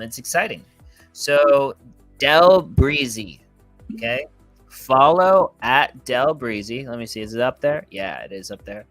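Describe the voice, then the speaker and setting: A man co-hosts a casual crypto livestream, telling stories in a loose, rambling, playful way. His voice sits in the mid range with a fairly bright tone, and there's no room sound at all.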